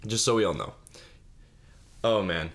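Into a desk mic, a young male podcaster with a lowish, fairly bright voice speaks at a measured pace. Alone on his show, he rambles goofily in comedic chat, poking fun at himself, laughing at his own jokes and faking tearful sobs as a bit.

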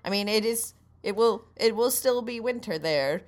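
A woman's voice: a little high, animated, moderate pace. A woman co-hosting in character with rambling, easily distracted, apologetic comedic banter. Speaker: co-host.

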